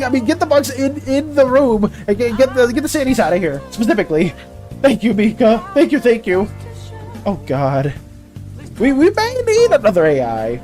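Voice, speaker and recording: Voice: medium pitch, big pitch swings, normal speed, a little mellow, soft background music. A streamer chatting casually during a drawing stream, often stammering and repeating words, flustered and defensive. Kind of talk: casual live-stream chat while drawing.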